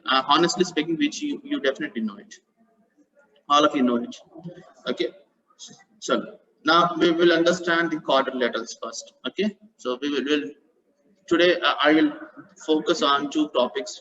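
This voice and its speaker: A man's voice: mid-range voice, a bit bright. A man teaches maths in a live online class. He repeats his phrases, corrects himself as he goes and praises his students. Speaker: maths tutor. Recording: dull lo-fi online call audio.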